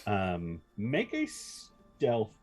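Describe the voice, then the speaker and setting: A man narrating a tabletop game as game master, pausing often with fillers and restarts. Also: fairly low pitch, huge pitch swings, a little mellow, soft background music. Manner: hesitant, many fillers and restarts.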